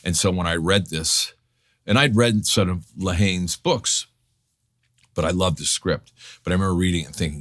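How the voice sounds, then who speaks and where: A man from New York telling animated, profane stories as a guest in a casual interview, acting out the people he quotes. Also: low-pitched, normal speed. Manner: animated, profane, restarts a lot, acts out quotes. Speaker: guest actor.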